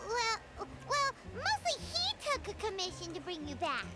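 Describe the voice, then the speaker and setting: A woman voicing a tiny, chirpy fairy companion girl in a video game, excitable and referring to herself in the third person. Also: very high-pitched, normal speed, soft background music, full character voice. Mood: cheeky.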